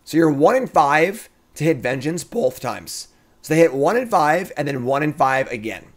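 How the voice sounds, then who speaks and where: A male streamer talks through a card game in casual commentary, his pitch swinging widely between murmured thinking and loud outbursts. He addresses his chat directly, mulling over plays before erupting with excitement. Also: normal speed.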